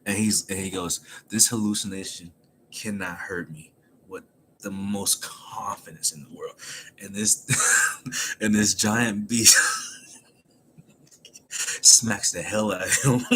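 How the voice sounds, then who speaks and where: A man giving a casual, animated recap of a comic chapter, laughing often as he retells it. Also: fairly low pitch, slow pace, pauses often, slight background noise. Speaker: manga chapter reviewer.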